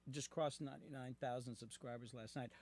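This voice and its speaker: A man's voice: medium pitch, steady tone, fairly quick, a little mellow, no echo. A man, a music producer and host, talking casually in a recording studio, thinking aloud as he works and swearing offhandedly.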